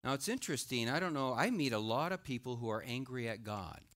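A middle-aged man, a pastor, preaching a sermon in a lively way and acting out the voices he quotes. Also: medium pitch, quick pace. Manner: animated, acts out quoted voices.

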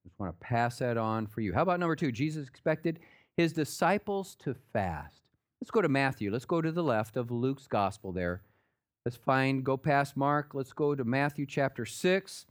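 A man preaching a sermon in a conversational way, guiding listeners through scripture and dropping low and soft on his earnest points. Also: expressive, normal speed. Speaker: pastor.

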